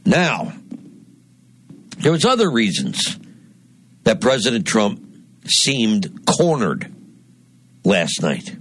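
A man hosting a radio talk show, delivering a deliberate, emphatic commentary monologue with dramatic pauses. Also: mid-range voice, fairly bright tone, a little hiss or hum. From Northeast Pennsylvania.

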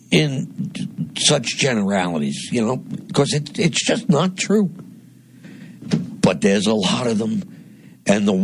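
Gravelly older radio host, husky and slow. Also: male voice, medium pitch. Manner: emphatic, piles up lists of adjectives. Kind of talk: talk radio monologue and call handling.

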